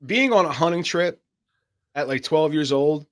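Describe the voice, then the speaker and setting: A man's voice: fairly high pitch, animated, moderate pace, a bit bright. A man co-hosting a podcast in casual, joking banter, swearing freely. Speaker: podcast co-host.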